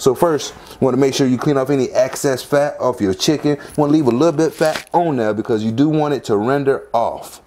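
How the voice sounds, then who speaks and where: A man hosting a home cooking video, talking casually and lively as he walks through each step. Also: a little fast, a little hiss or hum. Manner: chatty, lively, punctuates steps with "boom".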